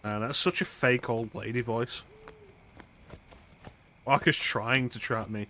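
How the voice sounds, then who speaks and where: A man's voice: mid-range voice, fairly even intonation, slow pace, sharp tone, a little hiss or hum. A man streaming a video game, making sarcastic, crude jokes in casual commentary.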